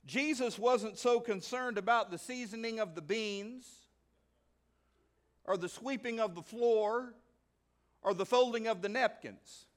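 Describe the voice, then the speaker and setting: Animated high-voiced male pastor preaching. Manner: animated, acts out voices and asks the congregation questions. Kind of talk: sermon.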